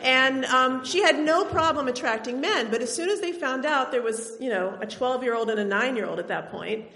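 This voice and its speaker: Woman storyteller, higher voice, wry and chatty, long hall reverb. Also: normal speed, vocal fry, fairly bright tone. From Tennessee, US South. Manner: conversational, wry and laughing. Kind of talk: personal storytelling on stage.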